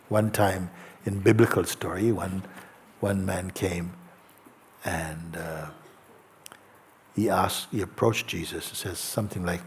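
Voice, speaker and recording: Low-voiced man teaching real slow and soft, faint hiss behind. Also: fairly even intonation. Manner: slow, gentle, soft-spoken with long pauses. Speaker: spiritual teacher. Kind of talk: satsang talk, reading a letter aloud. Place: outdoor gathering with faint ambience.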